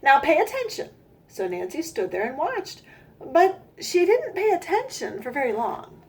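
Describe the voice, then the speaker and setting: A woman reading a children's picture book aloud in an expressive storytime voice, stopping to ask listeners questions and comment. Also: high-pitched, measured pace.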